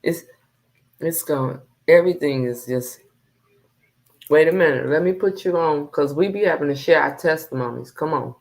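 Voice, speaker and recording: A woman's voice: deep voice, normal speed, gravelly. A woman hosting a casual live chat, talking in a heartfelt way and often repeating her phrases. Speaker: livestream host.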